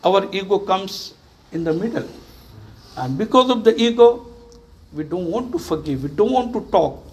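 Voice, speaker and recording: A man preaching an earnest sermon to his congregation. He exhorts his listeners and repeats phrases for emphasis. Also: high-pitched. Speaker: imam.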